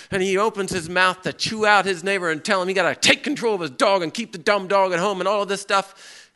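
Bright-voiced pastor telling a story. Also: male voice, on the high side, smooth. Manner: lively, asks the audience questions, acts out a story. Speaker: pastor teaching a Bible class. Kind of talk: interactive sermon with storytelling.

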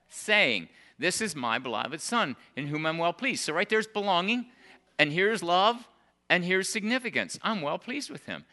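Older man, pastor, sermon, bright tone, emphatic then soft. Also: high voice. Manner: emphatic preaching that drops to soft, quiet storytelling.

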